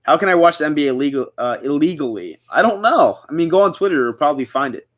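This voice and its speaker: A man's voice: fairly high pitch, animated, fast. A young man from the Philadelphia area hosting a casual livestream, rambling as he reads out viewer comments and answers them. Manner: chatty, rambling, reads chat aloud. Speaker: livestream host. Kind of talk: casual live chat reading comments.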